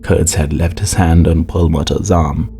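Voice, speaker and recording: A man narrating an audiobook in a measured, expressive way. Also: very deep voice, creaky. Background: faint music.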